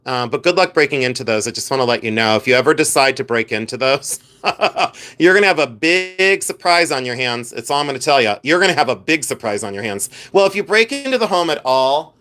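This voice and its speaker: A man vlogging in a chatty, campy way, with animated asides. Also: mid-range voice, fast talker, hardly any pauses. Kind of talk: casual chat.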